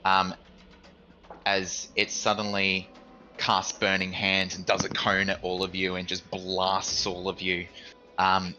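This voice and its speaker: A man's voice: deep voice, monotone, slow, sharp tone, dull audio, slight background noise. A man narrating as dungeon master in a loose, casual way, with fillers and the odd swear. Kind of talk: narrating a tabletop game.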